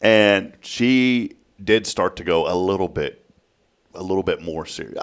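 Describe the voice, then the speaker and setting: A man, hosting a morning talk show from a local studio. His low voice swings widely in pitch as he tells a story with animated energy, now and then acting out voices. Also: fairly quick, smooth. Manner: animated storytelling, acts out a child's voice. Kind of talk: casual studio chat.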